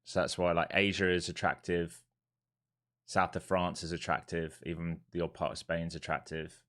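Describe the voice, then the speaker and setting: A laid-back man with a London accent talks loosely on a live trading stream. His voice sits very low and deep. He speaks bluntly and chattily, with the odd swear word. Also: monotone, normal speed, fairly bright tone. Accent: London English. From London, England. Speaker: live-streaming day trader. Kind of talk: casual live-stream chat and market commentary.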